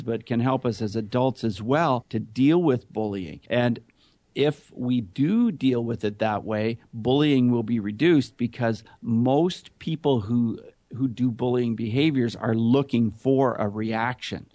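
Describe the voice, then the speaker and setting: A man's voice: mid-range voice, measured pace, a little mellow, dry recording. A middle-aged man telling his story earnestly in a conversational interview. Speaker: guest, anti-bullying speaker.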